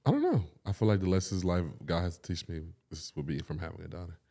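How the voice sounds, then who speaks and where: A young man co-hosting a podcast in casual chat, reacting with animated exclamations and laughing easily. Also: sits low, quick pace. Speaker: podcast co-host.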